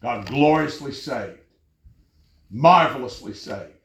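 A man's voice: mid-range voice, lively intonation, takes it slowly. Fervent preacher man, echoey hall. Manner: fervent, storytelling, rising to loud exclamations. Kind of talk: sermon.

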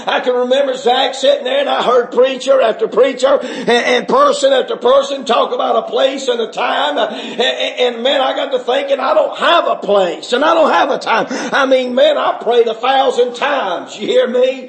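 A middle-aged man preaching a fervent testimony sermon, building from quiet recollection into shouting. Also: extremely high pitch, normal speed. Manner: fervent, rising to shouts, Southern preaching cadence.

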